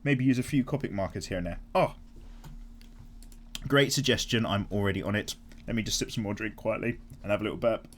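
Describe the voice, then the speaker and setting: A man hosting a casual art vlog, chatting and answering viewer comments in an animated way, swearing freely as he goes. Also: lowish voice, fairly quick, slight background noise. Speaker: art channel host.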